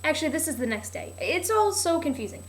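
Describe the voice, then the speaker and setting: A woman's voice: high voice, sing-song, fast talker. A young woman vlogging a casual, rambling recap of a TV show, sarcastic and full of "like", often losing her place.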